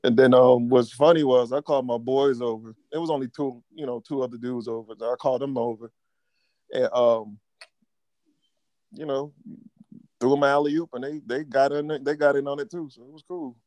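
A laid-back man co-hosting a casual podcast chat, spinning a slangy story. His voice sits at an ordinary middle pitch and sounds close and dry. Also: fairly even intonation, moderate pace, dark tone, no echo. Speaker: podcast co-host.

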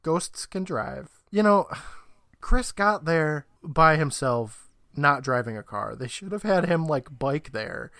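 A man's voice: a little high, slow pace, vocal fry, dry recording, studio quality. Man casually recapping a TV episode. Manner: animated retelling, acts out lines with laughs. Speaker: podcast co-host.

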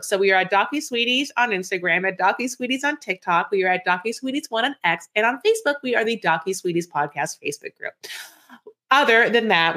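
A woman's voice: a little high, a bit bright. A woman co-hosting a podcast in casual recap chat, chatty with wry asides. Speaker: podcast co-host.

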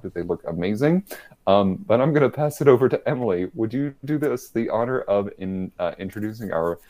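A man hosts a casual podcast from a remote call mic. His voice sits a bit low, and he rambles through fillers, often laughing. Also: warm tone. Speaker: podcast host. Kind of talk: casual online show chat.

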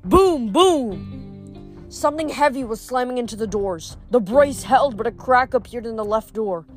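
A woman's voice: fairly high pitch, a little fast, darkish tone, soft background music. Woman reading a novel aloud, stumbling. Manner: frequent stumbles and restarts. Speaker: reader.

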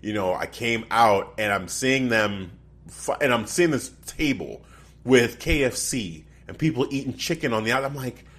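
A man co-hosting a casual wrestling podcast, talking in an animated, incredulous way and laughing often. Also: mid-range voice, moderate pace. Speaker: podcast co-host.

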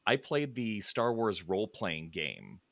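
A middle-aged man chatting casually, rambling with many restarts and soft chuckles. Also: on the low side, sing-song, measured pace, vocal fry, dry recording. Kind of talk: casual chat.

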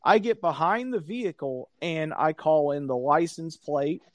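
A man, casually telling a long story on a podcast, animated and profane, acting out the people he quotes. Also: on the high side, measured pace, no echo.

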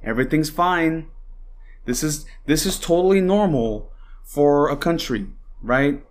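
A man's voice: a little high, expressive, a little slow. Heated rambling young man ranting. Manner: heated and rambling, swears often, many fillers; mocks opponents in put-on voices. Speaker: podcast host. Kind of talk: casual political commentary.

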